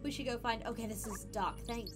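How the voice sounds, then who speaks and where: A young woman streamer chatting casually while she plays a game, animated and giggly, squealing at surprises and murmuring quiet asides. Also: on the high side, fairly quick, loud music behind the voice. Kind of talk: casual gameplay commentary.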